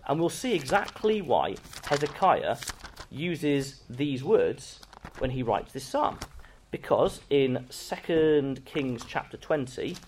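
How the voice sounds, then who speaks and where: Male preacher, lively intonation, leans on every scripture line. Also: medium pitch. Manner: reads scripture slowly with emphasis. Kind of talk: bible teaching sermon.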